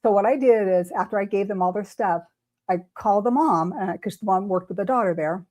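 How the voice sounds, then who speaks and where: This woman, a tarot reader, speaks briskly in a mid-range voice with a dark tone. Tearful at the start, she rambles through an emotional personal story on a talk stream, restarting often.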